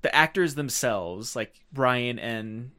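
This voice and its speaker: A man's voice: medium pitch, expressive, slow, sharp tone. A man co-hosting a podcast, talking about a film in casual chat, rambling with many filler words. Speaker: podcast co-host.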